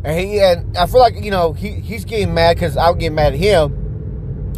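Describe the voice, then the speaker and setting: A man's voice: high-pitched, normal speed, a little mellow, slight background noise. A man in his thirties telling a long, rambling, profane story to his viewers, laughing now and then. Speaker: vlogger.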